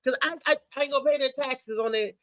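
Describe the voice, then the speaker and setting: A woman hosting a casual talk show, telling stories with lively slang and laughter. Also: sits high, quick pace, no echo. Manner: animated storytelling, laughing, slangy. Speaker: show host.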